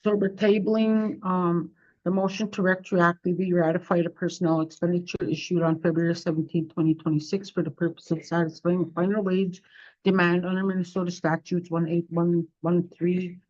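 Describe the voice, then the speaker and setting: A woman with a lowish voice chairs a formal board meeting. She reads motions and calls votes in a measured, procedural way. The recording is muffled and lo-fi. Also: level tone, darkish tone.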